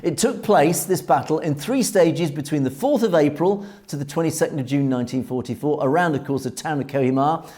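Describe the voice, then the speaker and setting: A man hosting a news commentary show, telling military history in an earnest, measured way with frequent hesitations. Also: on the high side, a little mellow.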